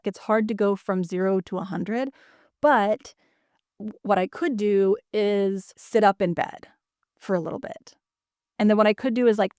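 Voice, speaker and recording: A woman's voice: mid-range voice, a little mellow, smooth, no echo, studio quality. A woman, a counselor and author, explaining ideas on a podcast with everyday examples. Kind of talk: podcast conversation.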